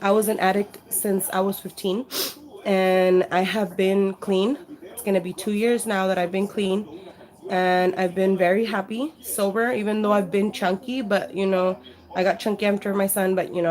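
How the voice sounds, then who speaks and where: A woman's voice: mid-range voice, level tone, normal speed, darkish tone. A woman telling her story casually to a handheld camera, rambling with frequent "you know" and freely swearing. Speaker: vlogger sharing her life story. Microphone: handheld camera at arm's length.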